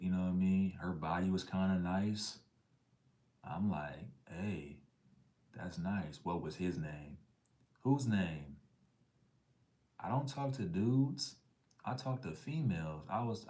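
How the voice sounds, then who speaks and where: A middle-aged livestream host with a very low, slightly mellow voice reads chat messages aloud in a relaxed, slangy manner. Occasionally he lowers to a whisper for an aside.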